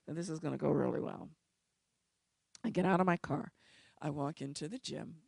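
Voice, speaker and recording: A woman speaks to a live audience, spinning a story with wry, lively humor. Her voice has a gravelly edge, and the sound is close and dry. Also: low voice, moderate pace, pauses often, no room sound. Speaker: civil rights lawyer.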